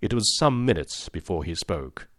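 Male audiobook narrator, fairly low voice, measured and formal, dry close sound. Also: sing-song, fairly bright tone, no echo.

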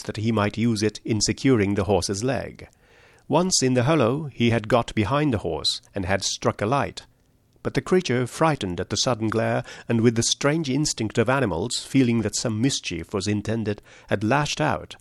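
A man reading a story aloud, voicing a shrewd male detective who lays out his deductions in a measured, precise way. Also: mid-range voice, no room sound, clean studio sound, natural voice.

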